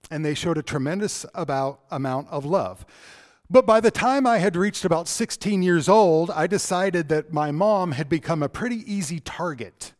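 A middle-aged man preaches a sermon, telling a personal story as he swings between loud emphasis and hushed, slow delivery. His voice is on the high side.

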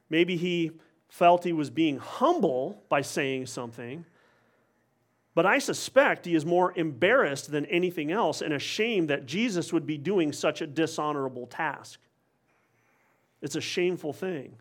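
A man preaching a sermon, explaining a passage in an earnest, expository way, with occasional wry asides. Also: fairly high pitch.

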